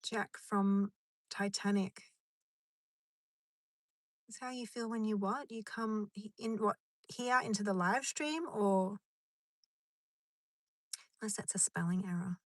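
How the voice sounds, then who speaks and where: A woman's voice: on the high side, bright, forceful tone, no room sound. A woman chatting on a live stream from her car in a rambling, chatty way, answering comments as they come in. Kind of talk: casual live stream chat.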